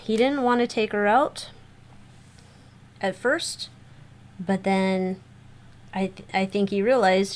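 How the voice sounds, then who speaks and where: A woman's voice: mid-range voice, lively intonation, slow, pauses often. A woman giving a casual spoken tarot reading, rambling with lots of fillers and restarts. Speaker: tarot reader.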